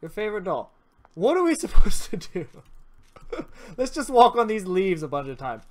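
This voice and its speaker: A woman's voice: medium pitch, big pitch swings, normal speed, darkish tone, soft background music. A woman giving casual, playful commentary while playing a horror adventure game. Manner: playful, jokey, giggly asides. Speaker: let's play gamer.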